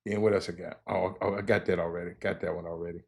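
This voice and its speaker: A man hosts his show in relaxed, chatty fashion, talking straight to viewers. He laughs easily and stumbles over repeated words as he hypes up clothes. His voice sits a little on the low side. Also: quick pace, vocal fry. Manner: loose, laughing, repeats words while hyping merchandise. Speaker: show host. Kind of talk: casual chat with viewers.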